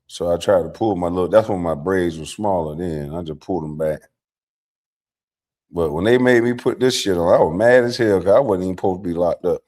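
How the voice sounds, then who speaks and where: A middle-aged man hosts a livestream, telling stories in a casual, profane and animated way. He drops from low mutters to loud outbursts.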